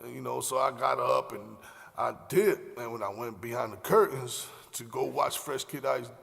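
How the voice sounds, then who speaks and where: A young podcast host from Miami, Florida tells loose, profane stories in casual fashion, rambling with lots of fillers. His mid-range voice is gravelly and a bit bright, steady at normal speed, and the recording has long hall reverb.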